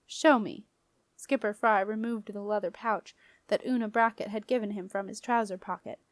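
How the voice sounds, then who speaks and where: A woman reading a children's fantasy novel aloud as an audiobook narrator, in a clear, even storytelling manner. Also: medium pitch, brisk, no echo, studio quality. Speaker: audiobook reader.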